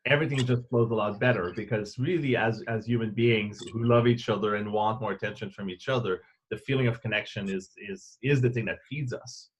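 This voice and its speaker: A man's voice: lowish voice, fairly even intonation, a little fast, hardly any pauses, slightly rough, muffled recording. A man in a casual group conversation, speaking thoughtfully with frequent restarts and easy laughter. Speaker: panelist.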